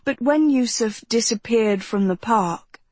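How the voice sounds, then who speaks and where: A woman narrates a novel in a slow, steady storytelling voice. Her tone is soft and a little husky, recorded close and dry in a quiet booth. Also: a little high, dry recording. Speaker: audiobook narrator. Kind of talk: scripted narration.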